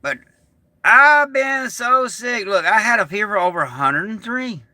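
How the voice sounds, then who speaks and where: A man's voice: high voice, expressive, a little slow, sharp tone, no room sound, studio quality. A middle-aged man hosting a casual livestream, folksy and rambling, still recovering from an illness. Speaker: livestream host.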